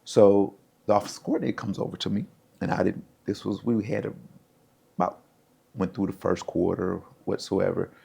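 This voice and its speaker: A man's voice: deep voice, normal speed, gravelly, husky. A middle-aged man, a former pro football player, telling stories as a podcast guest and acting out what others said. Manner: animated storyteller, acts out quotes. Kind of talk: casual storytelling interview.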